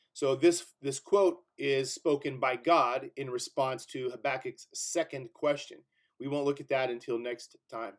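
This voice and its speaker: A man preaching, teaching a Bible class in a conversational way with fillers like "if you will", and pushing his voice up to stress key points. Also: a little high.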